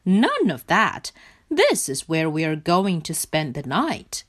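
A woman voicing a firm, adventurous male rat who speaks in a brisk, stern way. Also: on the low side, wildly swooping pitch, a bit bright, heavily acted.

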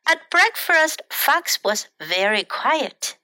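Female storyteller for kids, high bright voice, slow and clear, dry close mic. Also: very animated, dry recording. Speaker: English teacher reading a bilingual storybook. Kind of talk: bilingual children's story reading.

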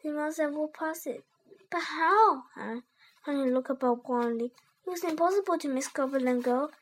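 A child reading a storybook aloud in an earnest, slightly halting way with small slips. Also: high-pitched, a little mellow. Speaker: reader.

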